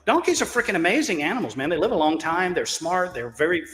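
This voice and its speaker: This is a man who talks in a loose, rambling way and curses freely as he spins stories for his co-hosts. His voice sits a little high for a man. The recording carries a long, lingering reverb. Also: sing-song, fast talker, a bit bright. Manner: rambling, profane storyteller, laughs at himself. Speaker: co-host. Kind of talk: casual group chat.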